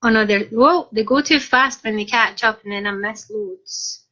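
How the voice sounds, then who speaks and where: A woman's voice: fairly high pitch, normal speed, sharp tone. Chatty Scottish woman on a muffled live stream. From Scotland. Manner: chatty, reads out comments, jokey asides. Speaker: author hosting a live stream. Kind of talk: casual live-stream chat.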